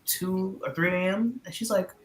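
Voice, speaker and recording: A woman from Texas co-hosting a casual writing stream, telling anecdotes in an animated way and laughing through them. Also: medium pitch, moderate pace, reverberant. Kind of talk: casual storytelling chat.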